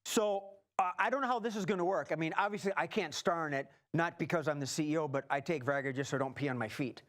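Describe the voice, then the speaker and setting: An improv actor playing a blustering, joke-cracking company boss, sitting a touch high in his range and tripping over restarts as he runs the meeting. It is a live improv comedy scene in a TV studio. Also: fast talker, a bit bright, lightly acted. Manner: jokey, stammering restarts. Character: blustering male company CEO. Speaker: improv performer.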